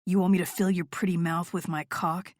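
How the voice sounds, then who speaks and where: A confident male rock star, put on by a woman narrator, speaks low and murmuring, teasing and commanding. The voice sits deeper than usual, recorded close and dry with no room sound. An audiobook romance character voice. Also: little pitch movement, fairly quick, a little mellow, dry recording, natural voice.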